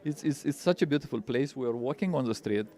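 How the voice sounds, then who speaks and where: A man's voice: medium pitch, lively intonation, quick pace, mellow. Guy teaching spiritual stuff, earnest, keeps repeating words. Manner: earnest, repeats words, non-native phrasing. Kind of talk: interview answers.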